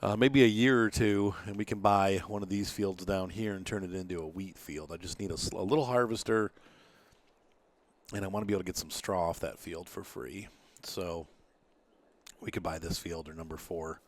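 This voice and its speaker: A man with a low-pitched voice offers casual let's-play commentary on his farming game at a moderate pace. He rambles and thinks aloud with plenty of fillers, sounding tired and yawning.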